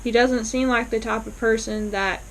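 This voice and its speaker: A woman's voice: fairly high pitch, fairly even intonation, moderate pace, a little hiss or hum, low-quality recording. Chatty woman recapping a show. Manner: chatty retelling with fillers and acted-out quotes. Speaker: vlogger reviewing a TV episode. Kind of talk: casual episode recap.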